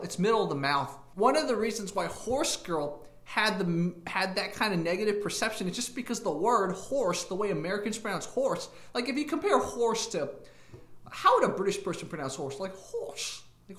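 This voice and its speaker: A man's voice: sits high, expressive, moderate pace, fairly bright tone, roomy sound. A man hosting his own channel, rambling through a casual rant to camera and laughing at his own jokes with crude asides. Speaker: YouTube channel host.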